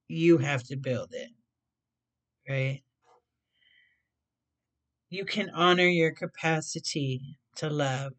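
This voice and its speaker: A tarot reader talking through a card spread in an unhurried, loose way. The speaker rambles, circles back to the same words and stumbles over a few of them. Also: medium pitch, a bit bright. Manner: rambling, repeats and plays with words, trips over some. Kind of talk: casual tarot card reading.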